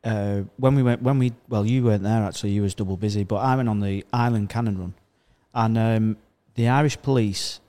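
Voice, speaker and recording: A man's voice: fairly low pitch, steady tone, brisk, few pauses, dark tone. A man hosting a podcast, chatty and eager in his reactions. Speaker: podcast host. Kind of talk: casual podcast chat.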